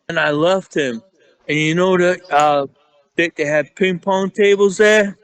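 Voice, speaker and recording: A man with a New York accent telling rambling, profane stories in a casual chat, often getting excited as he acts out what people said. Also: high voice, a little slow, clean tone, no room sound. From Staten Island, New York. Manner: profane, rambling, excitable when acting out quotes. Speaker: security guard guest.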